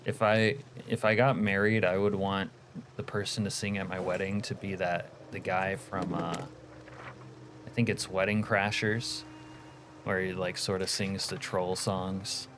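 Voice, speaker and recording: A young man talks loosely while he plays, drifting from one chat question to the next in a laid-back, rambling way. His voice sits fairly low, and a faint layer of background noise runs under the recording. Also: level tone, unhurried, a bit bright. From United States. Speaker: streamer. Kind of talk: casual livestream chat while gaming.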